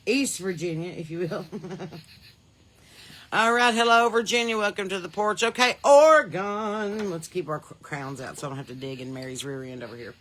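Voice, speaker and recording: A Southern woman hosts her podcast live from a porch, talking into a phone on a holder. Her voice is bright and forward, her talk folksy and chatty with quick laughs and sudden jumps in loudness. A faint outdoor hiss sits under the voice. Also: fairly low pitch. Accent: Southern American. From American South. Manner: folksy, chatty, laughs often, swings loud and soft. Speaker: podcast host. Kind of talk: casual livestream chat.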